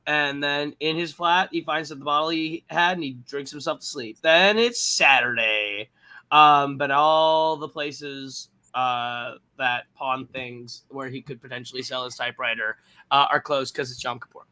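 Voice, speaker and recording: A man's voice: mid-range voice, unhurried, pushed and bright, smooth. A man hosting a podcast, recapping a film in a casual, rambling and profane way, with lots of ums and uhs. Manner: rambling and profane, heavy fillers. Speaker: podcast host.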